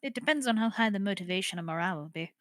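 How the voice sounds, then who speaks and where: A woman's voice: medium pitch, animated, racing, no room sound. A woman playing in a tabletop game, talking eagerly and laughing often. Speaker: player.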